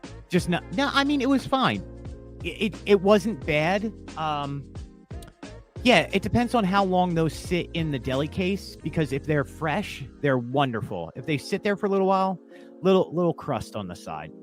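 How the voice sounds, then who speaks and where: A man co-hosting a podcast in casual chat, animated and chatty with frequent fillers. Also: on the high side, moderate pace, soft background music. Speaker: podcast co-host.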